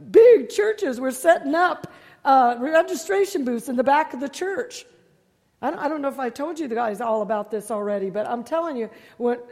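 A woman with a high voice preaches a testimony-style sermon as a visiting speaker. She presses each point hard, repeats phrases and fires rhetorical questions at the congregation. Her voice rings out with a long reverb from a large church hall. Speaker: guest preacher.

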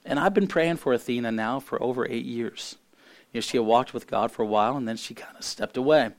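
Hoarse and losing his voice, the middle-aged pastor delivers his sermon at medium pitch. There's an earnest quality to him, broken up by hesitations and repeated restarts.

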